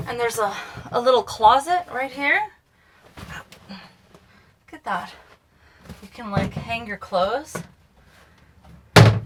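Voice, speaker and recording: A woman hosting a vlog, giving an excited, giggly tour of a small sailboat she is aboard. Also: a little high, takes it slowly, pauses often, noisy background. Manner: excited, giggly, with frequent laughs. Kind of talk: casual tour walkthrough.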